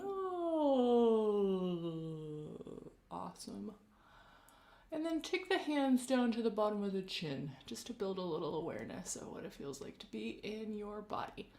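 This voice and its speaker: A woman vocal coach leading a live-streamed warm-up, speaking gently and encouragingly and greeting viewers by name. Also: medium pitch. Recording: roomy echoey live-stream audio.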